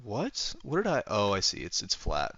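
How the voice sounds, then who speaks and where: A man's voice: on the low side, huge pitch swings, moderate pace, a bit bright, highs cut off. Playful young man streaming a game. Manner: rambling, playful, thinks aloud while building. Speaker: livestreamer. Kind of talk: casual gameplay livestream chat.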